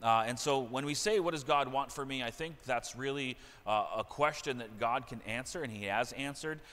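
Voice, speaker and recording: A man's voice: mid-range voice, normal speed, a bit bright. A middle-aged male pastor preaching a sermon in a church, earnest and repeating key phrases for emphasis. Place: church sanctuary. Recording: long church reverb.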